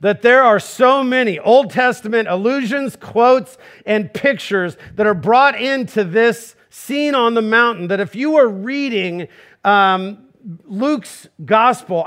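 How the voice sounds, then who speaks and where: High-voiced pastor preaching emphatically. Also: male voice, animated, a little slow, a bit bright. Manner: emphatic, full of rhetorical questions; acts out quoted voices. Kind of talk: sermon.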